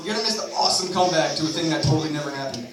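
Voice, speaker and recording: A man's voice: on the high side, rapid-fire, a crowd in the background. A young man performing a rambling, profane stand-up set at a bar open mic, full of self-mocking asides. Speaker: stand-up comedian. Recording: echoey bar from a far camera.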